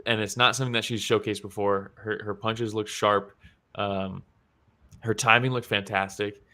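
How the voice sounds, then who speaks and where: Bright-voiced man recapping fights. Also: lowish voice, moderate pace. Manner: animated, laughs often, many fillers. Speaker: co-host. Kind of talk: casual fight-recap chat.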